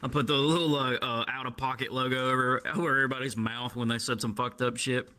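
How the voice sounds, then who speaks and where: A man's voice: medium pitch, flat delivery, fast talker, pushed and bright. A man co-hosting a podcast in casual chat, tipsy from drinking, rambling with lots of laughter and crude jokes.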